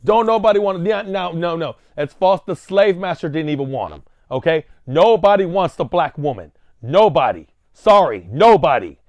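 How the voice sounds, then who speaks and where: A man's voice: a little high, expressive, normal speed, few pauses, darkish tone, dry recording. A man ranting in a provocative vlog monologue, hammering the same rhetorical questions. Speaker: vlogger.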